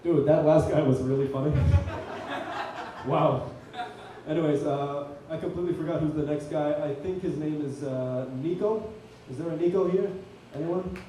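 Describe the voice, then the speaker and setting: A man hosting a comedy night, telling a long deadpan shaggy-dog joke on stage. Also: on the high side, normal speed, background noise. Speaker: comedy show host. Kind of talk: stand-up comedy set. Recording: echoey room from far off.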